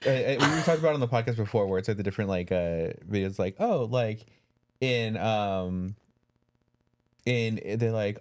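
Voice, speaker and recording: A man's voice: on the low side, normal speed. A man hosting a podcast, rambling in casual chat with lots of fillers and restarts. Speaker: podcast host.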